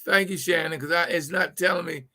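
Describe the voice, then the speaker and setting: A man's voice: sits high, fairly even intonation, brisk, bright, forceful tone. A man hosting a live-streamed political talk, speaking emphatically to his viewers, often repeating words as he builds his point. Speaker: livestream show host.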